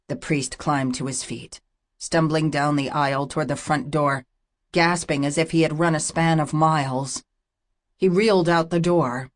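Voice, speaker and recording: A woman narrating a fantasy audiobook in a steady, measured storytelling manner. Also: sits low.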